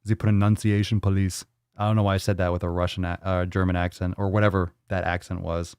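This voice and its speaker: Low-voiced man, livestream host, teasing and profane, dry close sound. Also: flat delivery, fast talker, clean tone, no room sound. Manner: joking, teasing, plays with pronunciations; swears casually. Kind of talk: casual livestream chat reading comments.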